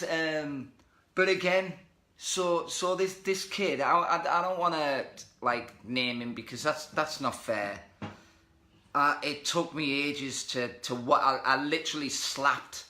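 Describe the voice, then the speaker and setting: A man hosting a casual live-stream talk, speaking in an animated, emphatic, motivational way, a little tipsy. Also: medium pitch, echoey room. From India. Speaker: host of a live show.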